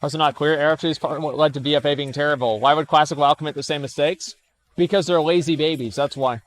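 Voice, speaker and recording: A man's voice: on the high side, fairly even intonation, quick pace. A young man streaming casual commentary as he reads forum posts aloud, blunt and scornful, swearing, stammering and restarting.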